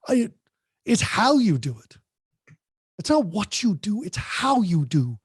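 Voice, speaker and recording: Animated man, a parenting coach. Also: sits high, slow, pauses often, breathy edge, dry recording, studio quality. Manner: animated, acts out parent voices, restarts often. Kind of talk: podcast guest conversation.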